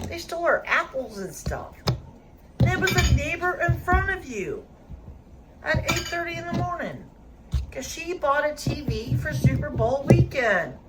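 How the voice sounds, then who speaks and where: Woman, lively higher voice, bossy improviser, noisy home recording. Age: 30s or older. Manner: storytelling, animated, bossy when directing the scene. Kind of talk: casual chat and improvised role-play.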